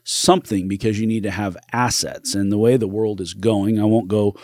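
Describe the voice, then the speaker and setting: Male podcast guest, real estate broker; low voice, earnest rambling delivery, dry close mic. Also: fairly even intonation, moderate pace, a little mellow, no echo. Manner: earnest, rambling with restarts, acts out quoted voices. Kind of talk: casual interview talk.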